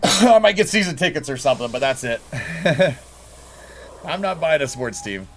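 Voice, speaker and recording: Lively casual male game streamer. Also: fairly high pitch, normal speed, a little hiss or hum. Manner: casual, blunt, laughs often, talks to chat. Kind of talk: live gaming stream chat.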